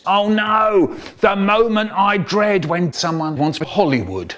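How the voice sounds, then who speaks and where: A man telling a comic story in an animated, exaggerated way. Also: fairly high pitch, measured pace.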